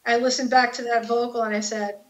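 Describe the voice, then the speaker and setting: A woman's voice: fairly high pitch, little pitch movement, brisk. A woman guest, a guitarist, chatting casually in an interview and telling stories with lots of fillers and restarts. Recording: dull lo-fi sound.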